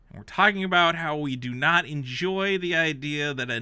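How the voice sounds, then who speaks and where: Sarcastic man ranting in a bright voice. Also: on the high side, moderate pace, few pauses, smooth, no room sound. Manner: exasperated, sarcastic, swings between loud outbursts and mutters. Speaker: host reacting to a game console review. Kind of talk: comedic rant reaction commentary.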